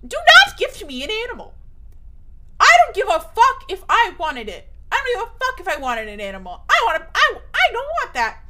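Animated high-voiced young woman streamer. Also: fairly quick, hardly any pauses. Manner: emphatic, frequent swearing, voice shoots up high when worked up. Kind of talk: casual stream chat.

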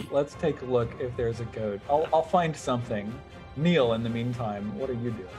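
A man running an old-school tabletop game as game master, upbeat and animated as he narrates and cheers on the players. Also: medium pitch, normal speed, faint music behind.

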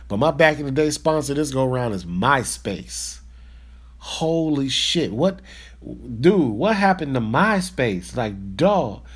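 A man hosting a podcast, ranting in a fired-up, profane, slangy way in a casual monologue. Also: medium pitch. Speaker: podcast host.

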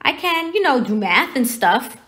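A woman's voice: sits high, big pitch swings, unhurried, a bit bright, a little hiss or hum, pitched above the performer's own voice, heavily acted. A woman reading aloud and voicing a polite, bewildered boy who speaks hesitantly and asks questions.

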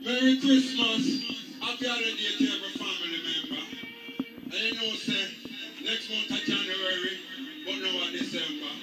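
A man, a reggae gospel performer giving live shout-outs to the crowd in a rhythmic, chanting patois. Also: high voice, normal speed, music in the background. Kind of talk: live stage shout-outs between songs. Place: live band party venue, indoors.

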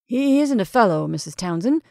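A woman's voice: medium pitch, animated, normal speed, gravelly, warm tone, no echo, studio quality. A woman voicing a sly young man in costume. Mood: earnest.

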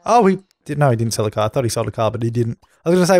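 A man's voice: medium pitch, expressive, racing, darkish tone, no room sound. A young man doing let's play commentary, bossy and exasperated as he scolds the characters on screen. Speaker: gaming channel host.

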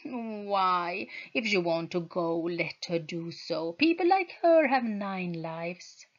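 An impatient young suitor, sulky and a little selfish, read by a woman. He presses his point slowly and insistently. The sound is dull and lo-fi. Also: fairly low pitch, expressive.

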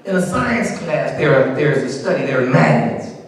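A male pastor preaching a sermon in a church, building up to shouts in a call-and-response style. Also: mid-range voice, very animated, normal speed, recorded from a distance. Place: church sanctuary. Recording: echoey church hall, mic from afar.

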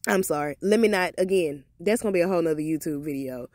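A woman's voice: deep voice, fast talker, darkish tone, no echo. A woman with talking straight to her viewers in a casual vlog, sassy and heated as she gives her opinions. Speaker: motivational vlogger.

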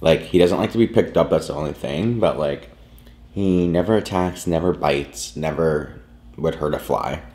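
A man's voice: rumbling low, moderate pace, darkish tone. A man vlogger rambling through a casual story at home, full of "like" and fillers. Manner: rambling, filler-heavy, lots of "like". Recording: echoey room.

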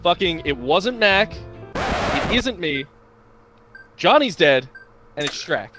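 Man, high voice, animated, insistent, game music behind. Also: slow. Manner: insistent, pleading his case. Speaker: player. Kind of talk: casual gaming chat.

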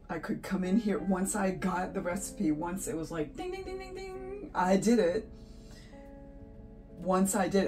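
A woman's voice: lowish voice, creaky, mellow, poor audio. A woman hosting an art channel, talking casually to her viewers, emotional and teary, gushing and laughing often. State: teary, sniffly. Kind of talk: casual vlog talk to camera.

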